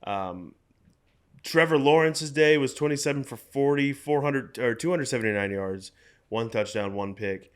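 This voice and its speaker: A man's voice: mid-range voice, normal speed, clear, resonant tone. Young man rattling off football stats. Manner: runs through stats, hesitant fillers. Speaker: podcast co-host. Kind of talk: casual sports chat.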